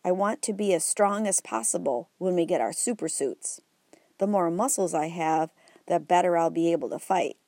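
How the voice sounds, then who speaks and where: A woman's voice: fairly low pitch, moderate pace, warm tone, dry recording. A woman reading the part of an eager, chubby young boy in a storybook, earnest and a little boastful.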